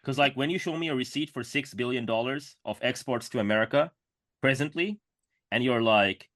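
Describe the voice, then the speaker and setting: A man's voice: mid-range voice, fairly quick, fairly bright tone. A man co-hosting a casual political podcast, quizzing his guests and ranting with exasperated profanity. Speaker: podcast co-host.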